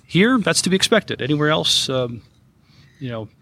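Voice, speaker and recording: A man hosting a podcast live at a convention, talking in a relaxed, friendly way. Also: on the high side, normal speed, slight background noise. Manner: relaxed and friendly, asks questions, laughs easily. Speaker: podcast host. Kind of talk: casual chat recorded live at a convention. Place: convention hall behind a curtain.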